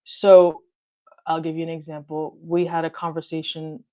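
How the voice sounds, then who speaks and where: Plain-spoken woman with a steady, direct delivery. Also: low-pitched, moderate pace. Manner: calls her own delivery monotone, straight and direct; reflective, talks things through with frequent restarts. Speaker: guest, car detailing video creator. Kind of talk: casual interview conversation.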